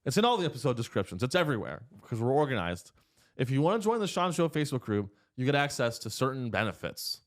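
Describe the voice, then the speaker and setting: Rambling crude joking man, lively pitch. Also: quick pace. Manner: rambling, crude, jokey, swings pitch widely. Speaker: podcast host. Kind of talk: casual comedic chat. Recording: studio podcast.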